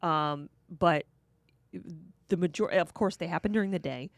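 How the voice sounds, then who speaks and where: A Floridian woman co-hosts a casual political podcast, chatting her way through an explanation of a county program and often restarting her sentences. Her voice is fairly low and her pace normal, recorded dry with studio quality.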